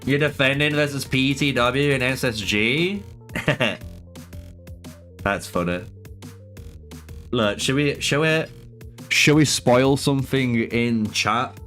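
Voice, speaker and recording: A man's voice: medium pitch, takes it slowly, pauses often, fairly bright tone, faint music behind. A man streaming a game live, chatting casually with viewers, swearing a lot, laughing often and calling them bro. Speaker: gaming streamer.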